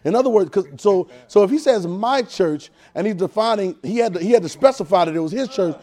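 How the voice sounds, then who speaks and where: A man preaching a call-and-response sermon, animated, repeating words and quizzing the congregation. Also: high voice, a little fast. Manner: animated, repeats words, teaches by asking the crowd.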